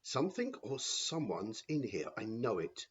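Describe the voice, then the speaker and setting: A man voicing a cruel, scheming hospital matron, shrill and gloating in storybook reading. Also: big pitch swings, unhurried, breathy edge, highs cut off, exaggerated voice. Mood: suspicious.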